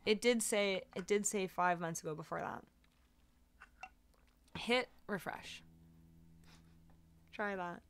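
Speaking slowly with frequent pauses, this woman has a medium-pitched, slightly bright and clean voice. She's a musician on a livestream, casually bubbly and laughing as she talks to chat, but a bit tired, her voice not quite at full power.

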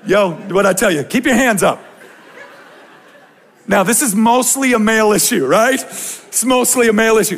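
A man in his thirties preaching to a youth group, swinging between quiet explanation and passionate ranting with jokes aimed at the crowd. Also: sits high, lively intonation, moderate pace. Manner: impassioned, ranting and joking with the crowd. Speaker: youth pastor. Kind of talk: sermon.

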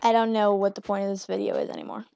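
A woman's voice: medium pitch, level tone, quick pace, gravelly, warm tone. A young woman giving casual gameplay commentary as a channel host, rambling, swearing freely and joking at her own expense. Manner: profane, rambling, self-mocking. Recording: muffled lo-fi home recording.

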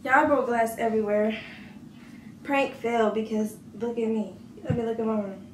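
A woman's voice: a little high, steady tone, normal speed. A young woman in a casual home prank vlog, giggly and talking to her viewers from her bedroom. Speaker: vlogger. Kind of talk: casual prank video chat. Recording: echoey room, distant mic, faint noise.

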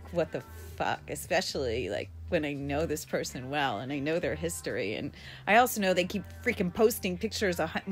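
At home during quarantine, a middle-aged woman records a casual video diary in a lowish voice. She rambles and speaks frankly, swears freely, and coughs every so often.

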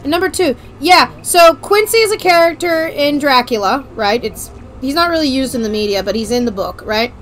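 A woman streaming a video game, chatting excitedly, joking and swearing as she plays. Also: high voice, moderate pace. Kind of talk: casual let's-play commentary.

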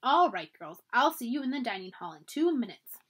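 A kindly camp director in a children's storybook, gently encouraging and animated, as a woman reads her lines aloud. Her pitch rises and falls in a lively way. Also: brisk, breathy edge.

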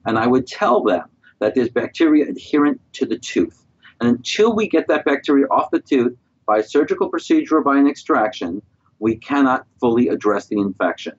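A middle-aged man answering interview questions as a guest specialist, calm and explanatory. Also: medium pitch, moderate pace, slightly rough, highs cut off. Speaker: guest periodontist.

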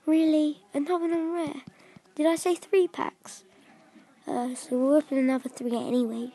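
A woman giving casual commentary while opening card packs in a video game, often dropping into soft whispers and stumbling over names. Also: sits high, fairly even intonation, moderate pace. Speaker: gaming video creator.

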